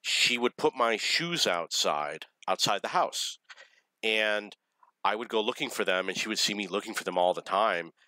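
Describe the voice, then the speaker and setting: An adult man earnestly telling a personal story in a halting monologue, with many pauses and restarts. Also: lowish voice, animated, pushed and bright, no echo, low-quality recording. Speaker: vlogger.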